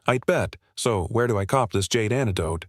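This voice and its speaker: A man's voice: on the low side, expressive, normal speed, no echo, studio quality. A man reading a breezy young hero. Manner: breezy slang-heavy. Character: laid-back young male hero.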